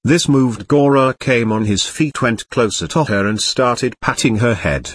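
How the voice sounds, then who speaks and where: A man narrating a children's story in an even, unhurried reading voice. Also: medium pitch, slight background noise. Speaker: audiobook narrator. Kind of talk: scripted narration.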